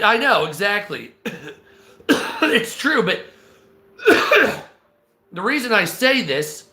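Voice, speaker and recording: A man ranting casually on a live stream, swearing often, stammering and clearing his throat. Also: sits high, sharp tone, reverberant. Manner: profane, exasperated, restarts and stammers.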